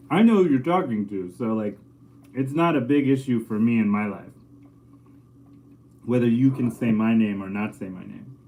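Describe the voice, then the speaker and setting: A man, a painter, chatting casually to camera in a relaxed, rambling way with lots of filler words. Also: mid-range voice, normal speed, long pauses. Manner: laid-back and rambling, full of filler words. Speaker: painter and muralist. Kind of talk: casual vlog storytelling.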